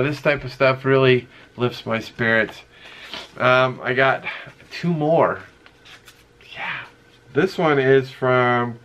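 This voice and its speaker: A middle-aged man casually chatting as he opens fan mail, earnest and emotional, halting with many fillers and reading letters aloud slowly. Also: medium pitch, pushed and bright. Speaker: vlogger opening fan mail. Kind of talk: casual chat.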